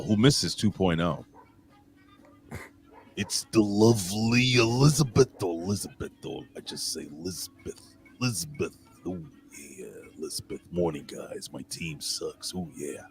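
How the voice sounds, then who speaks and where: A man's voice: low voice, animated, unhurried, soft background music. A man hosting a casual wrestling podcast, joking around and calling out names from the live chat. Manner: shouts out chat commenters, jokey, swings loud and quiet. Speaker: podcast host.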